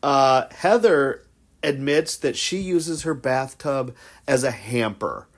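A man chats casually as a podcast host, recapping a reality show with dry, gossipy sarcasm. His pitch sits at an ordinary middle height, and he mocks the cast with a deadpan edge. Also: slow.

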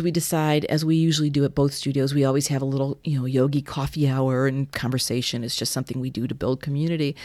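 A woman who runs a yoga studio, telling a story in an animated way on a podcast. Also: low-pitched, no room sound. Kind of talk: casual storytelling chat.

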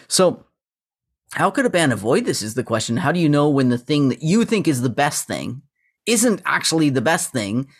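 A man's voice: medium pitch, expressive, normal speed. A man co-hosting a music podcast, talking casually and thinking aloud as he searches for his words. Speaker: podcast co-host. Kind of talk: casual chat about music.

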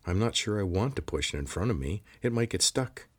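This is a determined young cave explorer who talks in plain, practical words, as a male narrator plays him. The voice is low and slightly husky. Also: lively intonation, brisk. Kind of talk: audiobook character voice.

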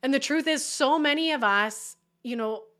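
A woman talks through a solo coaching podcast in a bright, forceful voice pitched a little high. She speaks earnestly and encouragingly, often checking in with the listener. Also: moderate pace. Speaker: podcast host.

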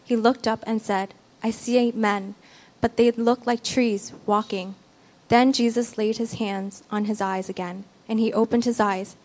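Lady reading bible verses at church, slightly high voice, steady. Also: measured pace. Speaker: scripture reader. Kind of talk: reading scripture aloud.

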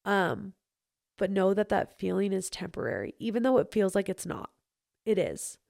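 A young woman hosting a solo podcast, chatting casually with many likes and ums, softening into a gentle, consoling tone when things turn serious. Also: mid-range voice, big pitch swings, normal speed, gravelly, dry recording, studio quality. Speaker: podcast host. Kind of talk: solo podcast chat answering listener messages.

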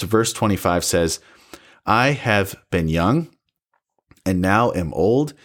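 A man giving a devotional Bible teaching, calm, earnest and measured as he reads and explains scripture. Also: low voice. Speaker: preacher.

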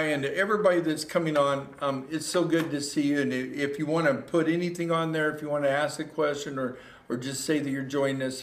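Earnest pastor preaching to a camera. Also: male voice, on the high side. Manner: earnest, repeats phrases, rises to exhortation. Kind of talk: livestreamed sermon. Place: church room. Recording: echoey room.

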